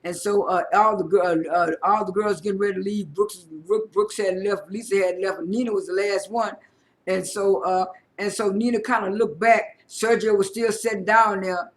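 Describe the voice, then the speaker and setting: A man with a high-pitched voice recaps a reality show in a loose, casual way. He stumbles and restarts often, filling gaps with "uh" and repeated words. He retells each scene by quoting what people said. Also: steady tone. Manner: halting, heavy fillers and repeated words.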